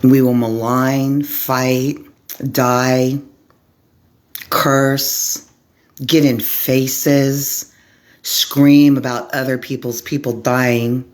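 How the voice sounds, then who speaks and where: A woman from Arizona giving an impassioned vlog monologue to camera, speaking slowly and deliberately in short, clipped lists. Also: a bass voice, little pitch movement. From Arizona, USA. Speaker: vlogger, formerly homeless advocate.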